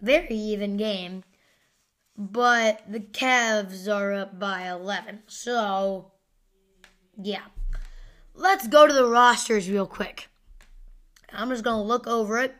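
A woman's voice: medium pitch, takes it slowly, pauses often, a bit bright. A young woman hosting a podcast, rambling through live sports stats in a casual way, with lots of fillers as she thinks aloud. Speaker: podcast host.

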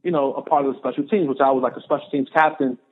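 A man, a former football player, telling a story as a podcast guest, animated and repeating phrases for emphasis. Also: medium pitch, rapid-fire. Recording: tinny phone-line audio.

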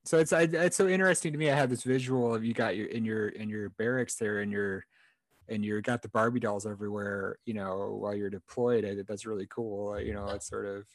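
A man's voice: lowish voice, fairly even intonation, fairly quick, dry recording. A man hosting a podcast, chatting casually with lots of "you know" and restarts. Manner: conversational, full of fillers and restarts. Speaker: podcast host. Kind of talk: casual chat.

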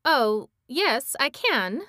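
Lady doing a stern wrinkly old witch, higher and louder than her normal read, bossy and severe, dry close sound. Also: big pitch swings, drawn-out words, dry recording, exaggerated voice. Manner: severe, commanding storybook witch.

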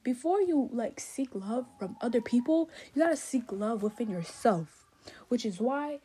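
A young woman with Haitian roots giving her opinions in a sassy, animated way, full of "like" and rhetorical questions. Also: a little high, normal speed, husky. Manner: sassy, animated, lots of fillers. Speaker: vlogger. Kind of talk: casual opinion rant.

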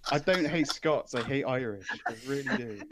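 A man's voice: mid-range voice, expressive, moderate pace, noisy background. A man from Britain, trading crude, profane banter as a stream co-host, tagging lines with "mate".

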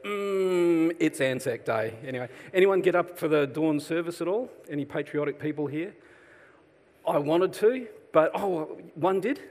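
A man's voice: a little high, expressive, unhurried, darkish tone. A middle-aged man with an Australian accent preaching a sermon in a chatty, self-deprecating way, joking with the congregation. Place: church hall. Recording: long hall reverb.

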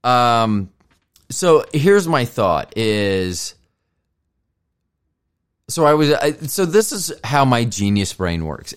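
A man in his fifties talks alone as a podcast host, drifting between tangents and cursing freely while poking fun at himself. His voice sits low and sounds smooth and resonant throughout. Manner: rambling, profane, self-mocking. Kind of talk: casual solo monologue.

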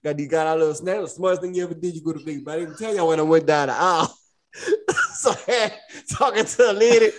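A young man hosting a podcast, telling a story in casual slang, animated and profane, often laughing. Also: on the high side, fast. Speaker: podcast host.

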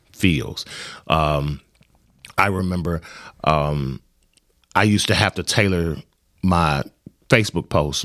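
A middle-aged man hosting a podcast in casual chat, animated and laughing, swinging from loud outbursts to low, earnest talk. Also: no room sound, clean studio sound. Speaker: podcast host.

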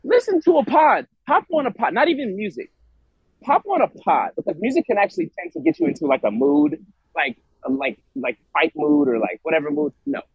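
A man co-hosting a casual podcast, his voice swinging up and down as he rambles and restarts. There is a husky edge to his fairly high voice. The audio is dry and a little dull. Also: fairly quick, no echo. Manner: animated, rambling, restarts a lot. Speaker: podcast co-host. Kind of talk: casual chat.

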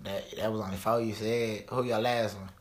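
A man's voice: fairly low pitch, fairly even intonation, a little fast. A man co-hosting a podcast, joking and trash-talking in brash, profane casual chat. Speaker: podcast co-host.

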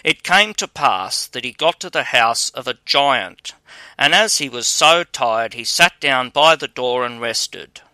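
A man reading a fairy tale aloud as narrator, with a measured, even storytelling delivery. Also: mid-range voice, no room sound.

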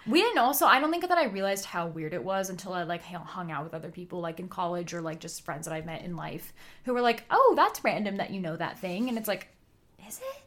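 A woman's voice: lowish voice, lively intonation, fast, a bit bright. A woman in her twenties co-hosting a podcast in casual chat, rambling with lots of fillers and frequent laughter. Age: 20s. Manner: giggly, rambling with many "like" fillers. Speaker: podcast co-host.

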